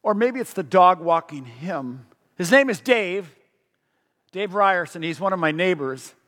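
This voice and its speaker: A man's voice: high voice, lively intonation, measured pace, fairly bright tone. A middle-aged man preaching a sermon as a pastor, talking conversationally and asking the audience questions. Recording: long hall reverb.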